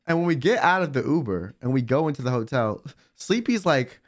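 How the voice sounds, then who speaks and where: A young man livestreaming as a vtuber, telling stories in a casual, animated way with plenty of swearing and filler words. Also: mid-range voice, a little fast. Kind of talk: casual storytelling on stream.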